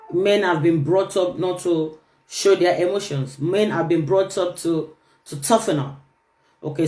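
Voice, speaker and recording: A woman's voice: on the low side, darkish tone. A woman hosting a live-stream talk, speaking earnestly to her viewers and often repeating her points. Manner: earnest, repeats phrases, addresses viewers directly. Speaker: host. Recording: echoey room.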